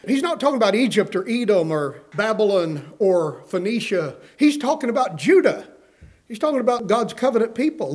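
A man's voice: high-pitched, animated, normal speed, darkish tone. A man preaching a sermon, earnestly reading scripture aloud and putting questions to his listeners.

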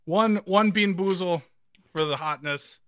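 A man's voice: sits high, a little slow, a bit bright, no echo. A man co-hosting a casual podcast, speaking wryly and swearing. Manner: wry, swearing, reads labels aloud in a mock-serious tone. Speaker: podcast co-host.

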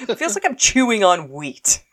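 A woman chatting casually as a co-host, telling animated stories and laughing often. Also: mid-range voice. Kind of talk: casual chat.

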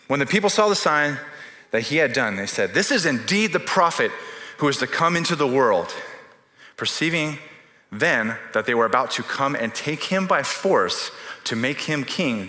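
A man's voice: mid-range voice, bright, forceful tone. Joking man preaching in an echoey hall. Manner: humorous, conversational preaching with joking asides. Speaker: pastor. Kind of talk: sermon.

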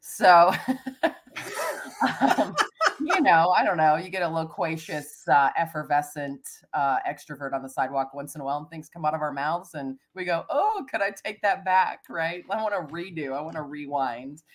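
Woman with a low voice, chatty podcast co-host, tells stories with lots of laughs. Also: moderate pace. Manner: animated storyteller, acts out quotes in a high voice; laughs often, big vocabulary. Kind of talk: casual podcast chat and storytelling.

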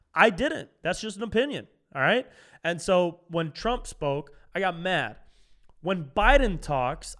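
A man's voice: a little high, a bit bright. A young man hosting a solo comedy podcast, talking casually and swearing, who often gets heated.

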